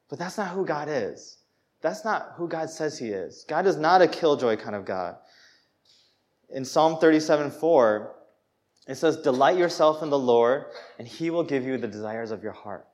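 A man's voice: mid-range voice, normal speed. A man preaching a sermon in a church, candid and self-deprecating, acting out quoted voices and laughing at himself. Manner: lively, acts out quoted voices.

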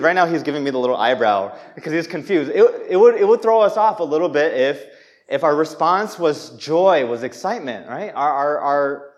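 A young man preaching a sermon in a church, conversational and animated, acting out people's reactions as he speaks. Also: fairly high pitch. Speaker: pastor.

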